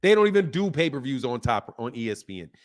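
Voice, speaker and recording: A man's voice: medium pitch, big pitch swings, fast talker. A man hosting a boxing channel, ranting to his viewers in a heated, profane way, repeating his points over and over and reading out viewer comments. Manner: heated, profane, hammering repetition; reads viewer comments aloud.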